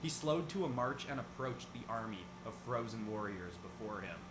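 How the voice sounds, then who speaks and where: A man's voice: lowish voice, lively intonation, moderate pace. Casual male narrator, echoey noisy room. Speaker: video creator and narrator. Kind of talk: scripted story narration. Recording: echoey room with background noise.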